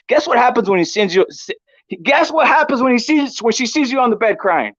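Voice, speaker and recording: A man hosting a boxing commentary vlog with a lively, swooping delivery, ranting provocatively and repeating his points while tossing out shout-outs. The audio is dull and dry. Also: extremely high pitch, fairly quick, no room sound. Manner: provocative, repetitive, gives chat shout-outs. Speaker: boxing commentary channel host.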